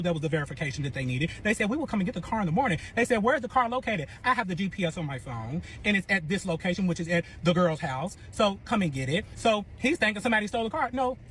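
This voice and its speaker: A man with a high voice rattles through a messy personal saga at speed, swearing freely and acting out every quoted line. Faint noise sits under the recording. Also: fairly bright tone. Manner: profane, dramatic, acts out quotes. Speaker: storyteller in a clip. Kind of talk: animated storytelling.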